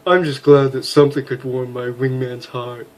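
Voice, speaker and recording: A man's voice: medium pitch, little pitch movement, unhurried, natural voice. A man voicing a teasing male military pilot, the hero's wingman, in an easygoing manner.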